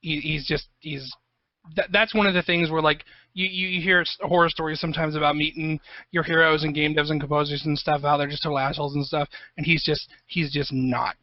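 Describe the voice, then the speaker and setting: A man, a composer guest, telling stories in a rambling, profane, excitable way in a casual interview. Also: on the high side, brisk, dry recording, dull audio. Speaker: guest, video game composer.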